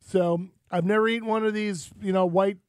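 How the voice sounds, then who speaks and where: High-voiced man telling rambling stories. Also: steady tone, moderate pace, smooth, no room sound. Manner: rambling anecdotes with frequent fillers. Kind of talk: casual storytelling chat.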